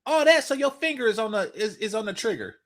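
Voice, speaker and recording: Man, heated profane rant, high voice, very animated pitch. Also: quick pace. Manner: heated, repetitive, swearing. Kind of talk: profane ranting commentary.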